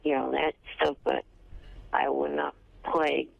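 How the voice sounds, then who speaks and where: A man as a radio guest, giving curt, defensive answers in a gravelly voice. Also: on the high side, sing-song, measured pace, no echo, highs cut off. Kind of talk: radio interview.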